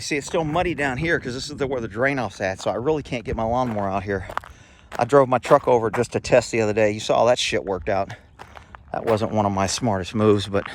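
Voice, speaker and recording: A middle-aged vlogger with a mid-range voice rambles bluntly in a casual monologue as he walks around his rural property, a little out of breath and chuckling to himself now and then. He holds his phone while walking, and there's slight background noise.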